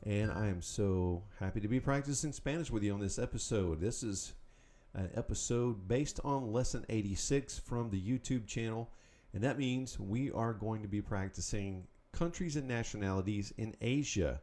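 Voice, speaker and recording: Low mellow guy running a spanish podcast drill, upbeat, patient. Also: normal speed. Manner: upbeat, patient, prompts listener then gives answers. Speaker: Spanish teacher.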